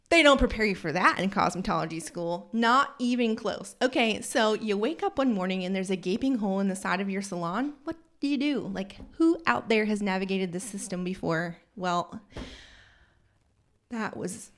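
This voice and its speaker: A woman who owns a hair salon, hosting a podcast and telling a rambling, animated, self-deprecating story from inside her salon. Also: mid-range voice, moderate pace. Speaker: salon owner and podcast host. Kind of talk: casual storytelling monologue.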